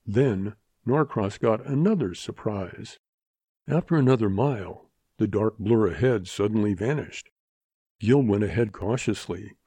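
Male audiobook narrator, low mellow voice, dry close recording, steady telling. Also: breathy edge, no room sound. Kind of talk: audiobook reading of a western.

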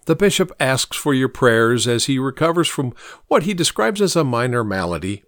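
Reading an audiobook, a man voices a formal radio announcer in a sing-song, medium-pitched voice close to everyday speech. He speaks at normal speed, and the recording is clean studio sound with no room echo.

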